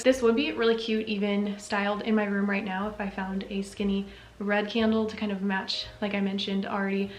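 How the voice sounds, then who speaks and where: A young woman in her twenties, a vlogger, gushing softly and enthusiastically as she shows off her thrifted home decor. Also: mid-range voice, a little hiss or hum. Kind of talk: casual thrift haul show-and-tell.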